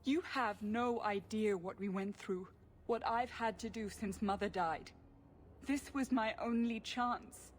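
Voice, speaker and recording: A woman's voice: medium pitch, unhurried, a little hiss or hum, lightly acted. An actress playing a desperate young woman mage in a video game, defensive and pleading.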